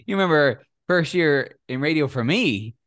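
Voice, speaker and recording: Very low-voiced, playful woman. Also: animated, moderate pace, dry recording, clean studio sound. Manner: playful, lots of inflection, laughs often. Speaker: podcast co-host, former radio host. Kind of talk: casual chat.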